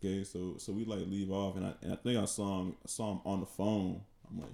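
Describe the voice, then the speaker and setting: A man with a low, gravelly voice tells a story casually, stumbling and repeating words as he goes. The room around him sounds echoey. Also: level tone, mellow. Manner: halting, repeats words, laughs between lines. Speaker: podcast co-host.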